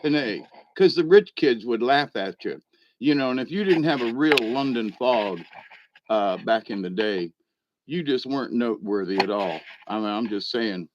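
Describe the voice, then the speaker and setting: A man's voice: mid-range voice, expressive, normal speed, darkish tone, muffled recording, a little hiss or hum. Rambling folksy man. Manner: rambling, folksy, chuckling at his own jokes. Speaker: vlog host. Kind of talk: irreverent comedic monologue.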